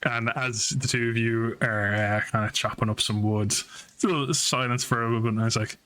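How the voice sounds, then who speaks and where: A man narrating a tabletop game as game master, relaxed and quick to laugh. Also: medium pitch.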